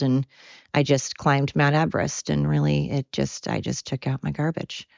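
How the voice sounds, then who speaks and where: A woman's voice: low-pitched, gravelly, a little mellow, no echo, lo-fi sound. A woman in her forties hosting a solo podcast, chatty and rambling with self-mocking asides. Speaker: podcast host. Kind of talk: casual solo podcast monologue.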